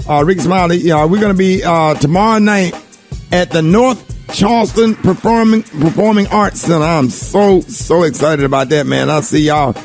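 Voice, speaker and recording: An energetic man hosts a morning radio show, his voice sitting fairly high as he hypes listeners and fires off quick shout-outs. A faint music bed runs underneath. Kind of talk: upbeat radio hosting.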